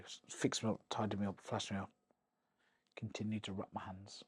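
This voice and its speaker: A man's voice: fairly low pitch, a little fast, slightly rough. A man, a former boxer who is a podcast guest, telling stories animatedly with lots of swearing and acted-out quotes. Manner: animated, profane storytelling that acts out quoted voices. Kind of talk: casual podcast interview.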